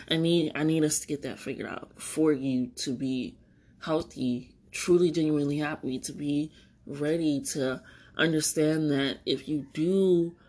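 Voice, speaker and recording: Low-voiced woman, solo podcast host, candid and rambling, swears and laughs, tearful at times. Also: darkish tone. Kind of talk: reflective solo podcast monologue.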